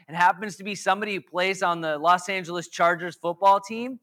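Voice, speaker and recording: Bright-voiced hoarse man preaching casually. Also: sits high, a little fast. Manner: rambling, jokey, asks the audience questions. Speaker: pastor. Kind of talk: casual conversational sermon.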